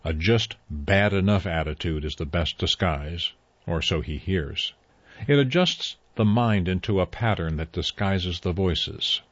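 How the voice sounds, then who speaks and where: Man, deep low voice, husky, measured story narration, dull dry recording. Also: lively intonation, dry recording.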